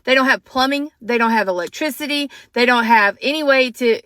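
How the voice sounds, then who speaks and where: A woman's voice: on the high side, brisk, a bit bright, no echo. A woman ranting angrily to the camera, upset and shaking, profane and emphatic. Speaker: social media commentator. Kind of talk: angry rant to camera.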